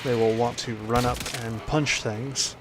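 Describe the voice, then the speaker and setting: A man's voice: mid-range voice, steady tone, a little slow, background noise. A man hosting a casual gameplay commentary, rambling with lots of fillers. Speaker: gaming video host.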